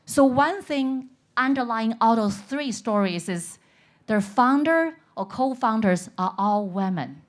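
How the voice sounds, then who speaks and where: Earnest woman from China on a panel. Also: mid-range voice. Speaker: panelist, insurance expert. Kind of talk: conference panel talk. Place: conference stage.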